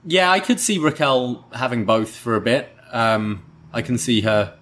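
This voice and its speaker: A man's voice: mid-range voice, measured pace, a bit bright. A man co-hosting a wrestling review podcast in casual chat, thoughtful and a little hesitant.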